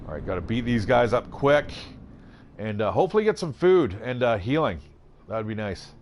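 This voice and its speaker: A man's voice: mid-range voice, very animated, normal speed, a little mellow, a little hiss or hum. Man swearing through gameplay commentary. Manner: swears freely while reading card text aloud. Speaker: gaming channel host.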